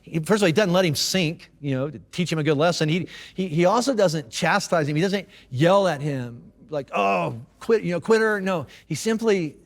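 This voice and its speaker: A male pastor with a high voice, preaching in an easygoing, chatty manner and often restarting his sentences. His words ring out with a long reverb, as in a big church hall. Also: moderate pace, few pauses. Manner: casual, conversational storytelling with repeated restarts. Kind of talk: sermon. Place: church auditorium.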